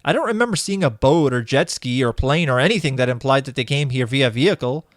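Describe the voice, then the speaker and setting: A man's voice: mid-range voice, animated, brisk, no echo, studio quality. A man hosting a comedic video game critique, narrating a script in a sarcastic, exasperated way. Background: game music.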